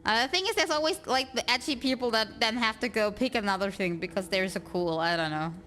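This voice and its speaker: A woman's voice: a little high, brisk, fairly bright tone, soft background music. A woman streaming a video game and chatting casually, rambling with lots of fillers and small laughs. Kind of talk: casual livestream chat.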